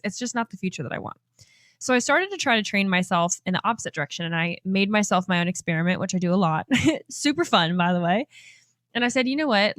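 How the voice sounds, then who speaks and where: A young woman in her twenties talks straight to her listeners like a life coach, bright and upbeat, breaking into laughter often. Her voice sits in a middle register. The sound is close and dry, with no room around it. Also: mid-range voice, no echo. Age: 20s. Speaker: podcast host and life coach. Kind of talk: motivational podcast monologue.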